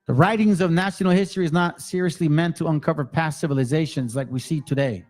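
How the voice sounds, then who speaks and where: A man's voice: a little high, brisk, a little mellow. A man hosting his own channel, talking loosely to viewers he calls family and swearing freely. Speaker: channel host. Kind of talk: casual monologue to viewers.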